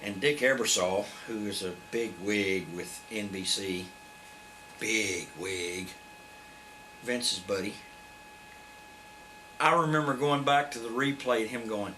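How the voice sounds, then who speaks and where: A man's voice: lowish voice, slow, long pauses. A man in his fifties with a drawl, telling blunt, profane stories in a shoot interview. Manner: blunt, profane, animated storyteller. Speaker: interview guest, former wrestler. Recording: faint background noise.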